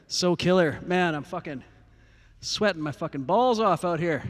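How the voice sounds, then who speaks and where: A man hosts a casual music livestream from a parking lot, talking into a phone. His voice sits a little high for a man, and his loose, profane chatter is full of fillers and restarts. He sounds a bit out of breath, and a long reverb trails after his words. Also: unhurried. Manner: rambling, profane, many fillers. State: winded after performing.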